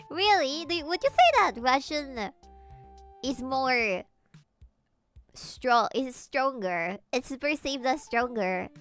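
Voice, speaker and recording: A woman's voice: fairly high pitch, fairly bright tone. A woman from Latin America chatting casually while streaming a game, rambling and swearing freely as she goes. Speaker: VTuber streamer.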